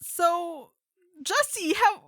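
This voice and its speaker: A woman playing a tabletop game, talking hesitantly with many pauses. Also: very high-pitched, lively intonation, fairly bright tone, no echo, clean studio sound. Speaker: player. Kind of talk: casual tabletop role-play.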